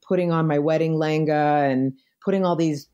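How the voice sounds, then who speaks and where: A woman's voice: low voice, steady tone, fairly quick. A middle-aged American woman in an interview, telling personal stories in a reflective, earnest way. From United States. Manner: reflective storytelling, warm and earnest. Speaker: podcast guest. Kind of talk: conversational interview.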